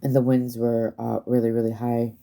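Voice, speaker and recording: A woman's voice: very deep voice, flat delivery, normal speed, creaky, mellow. A woman chatting casually on a livestream, rambling, swearing freely and using many fillers.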